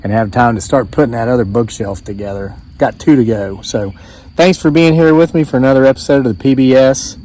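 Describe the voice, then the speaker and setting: A man in his forties with an Appalachian American accent, telling a story in a casual, animated way. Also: mid-range voice, brisk. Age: 40s. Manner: animated, acts out voices in quotes. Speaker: homesteading vlogger.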